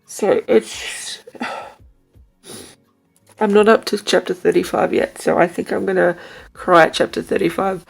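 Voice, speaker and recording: A woman's voice: on the low side, fairly even intonation, measured pace, gravelly, pauses often, husky, rough recording. A young woman chatting casually in a reading vlog, gushing and emotional as she rambles about a book. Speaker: book vlogger. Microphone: camera mic, wears glasses.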